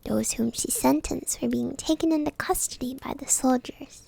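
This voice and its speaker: A woman streamer softly whispering a bedtime story as a whispered role-play into a close mic. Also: sits high, moderate pace, gravelly, breathy edge. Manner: soft unvoiced whispering.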